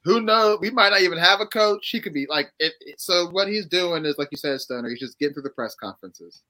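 A man co-hosting a sports podcast, animated and quick to chime in with agreement. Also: high voice. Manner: animated, lots of agreeing interjections. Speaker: podcast co-host. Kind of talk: casual sports chat.

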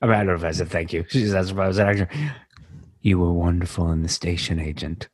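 A man's voice: low-pitched, fast. A man co-hosting a casual podcast, telling a funny story with lots of laughter. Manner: animated, laughs while telling stories. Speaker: podcast co-host.

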